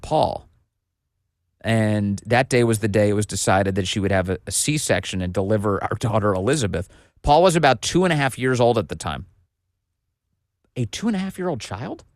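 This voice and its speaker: A man's voice: medium pitch, no echo, clean studio sound. A man hosting a political commentary show, reading documents aloud with emphatic, sarcastic remarks and asides to viewers.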